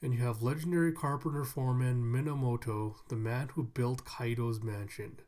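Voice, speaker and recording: A man's voice: mid-range voice, steady tone, normal speed, a little mellow. A man giving a casual manga review, animatedly retelling the scenes and acting them out.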